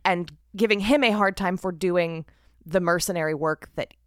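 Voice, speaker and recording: Low-voiced woman co-hosting a book podcast. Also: normal speed, no room sound, clean studio sound. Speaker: podcast co-host. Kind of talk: casual book discussion.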